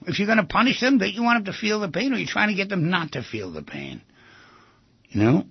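In a lively talk on relationships, a man with a raspy, gravelly voice speaks at a quick pace, his pitch swinging widely as he acts out quoted lines. The audio is dry and dull with no echo, like an older lo-fi recording.

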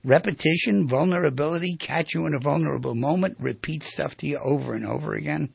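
A male therapist giving a storytelling lecture on the voice, animated and asking his audience questions. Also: a little high, quick pace, no echo, muffled recording. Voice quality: very raspy, gravelly.

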